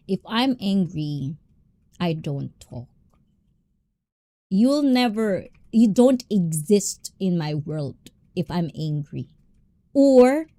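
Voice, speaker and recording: Woman, live-stream host, animated and passionate, mellow voice, dry sound. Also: mid-range voice, no room sound. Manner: animated, passionate, mixes English and Tagalog. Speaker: livestream host. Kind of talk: casual live-stream chat with viewers.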